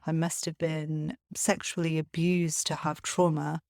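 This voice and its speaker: A woman hosting a solo podcast, talking in an earnest, confiding way with soft laughs. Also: low voice, little pitch movement, a little slow, dry recording, clean studio sound. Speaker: podcast host.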